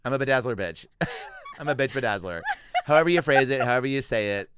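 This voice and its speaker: A man's voice: medium pitch, expressive, fast talker, background noise, natural voice. A man doing a brassy, foul-mouthed gal pal. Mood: sassy. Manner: swearing, sassy, exaggerated. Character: brash crude young woman gossiping.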